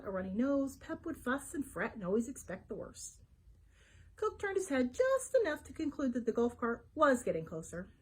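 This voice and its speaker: A woman librarian with a high, breathy voice reads a children's adventure book aloud. She tells the story expressively, as a storybook read-aloud for kids.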